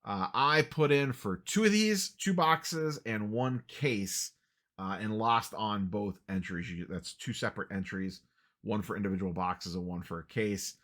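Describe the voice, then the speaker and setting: A man's voice: lowish voice, unhurried, a bit bright. A man hosting a casual sports card market update, talking in a dry, wry, self-deprecating way with lots of "uh" fillers. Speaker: sports card channel host.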